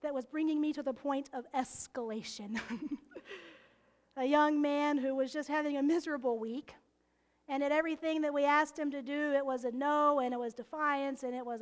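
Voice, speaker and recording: A woman preaching a sermon, expressive and often laughing, dropping into hushed whispers to stress a point. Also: sits high, normal speed.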